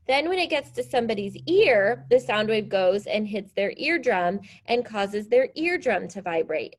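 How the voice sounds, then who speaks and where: A woman teacher leading a science lesson, explaining step by step in an upbeat, encouraging way. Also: fairly high pitch. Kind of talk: classroom science demonstration.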